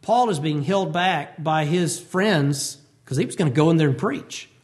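High-voiced preacher, animated. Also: male voice, normal speed. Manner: animated, acts out voices and quotes. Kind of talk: expository sermon.

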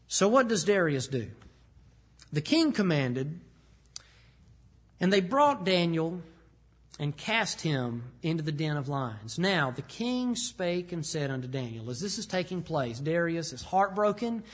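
A man preaching a sermon, animated, acting out the words of the people in the story. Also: sits high, measured pace, slightly rough. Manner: animated, acts out the king's lines.

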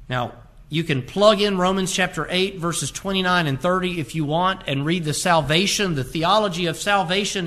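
Bright-voiced man preaching a sermon. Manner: emphatic preaching, reads scripture aloud in King James wording; rises in force on key phrases, drops low and quiet on others. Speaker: pastor.

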